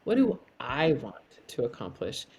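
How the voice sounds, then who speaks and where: A woman's voice: a bass voice, unhurried. Casting: middle-aged woman, candid interview guest, earnest with flashes of self-mocking humor. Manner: earnest, animated, laughs at herself. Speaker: podcast guest.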